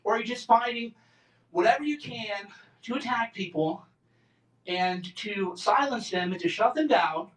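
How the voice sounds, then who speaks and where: An unhurried, high-pitched, slightly bright voice belongs to a guest speaker in his forties, sparring sarcastically with a campus student group and mocking others in put-on voices. The recording, made in a college lecture room, is roomy and distant.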